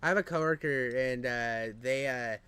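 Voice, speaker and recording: Nevada guy just chatting, rambly, swears a lot, says dude nonstop, average pitch. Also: moderate pace, pushed and bright. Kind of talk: casual chat.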